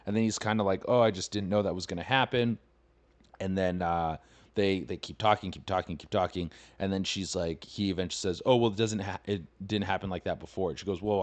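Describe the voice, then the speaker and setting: A young man hosting a podcast, retelling an online story in a casual, profane, rambling way and scoffing that it is fake. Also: low voice. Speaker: comedian podcast host.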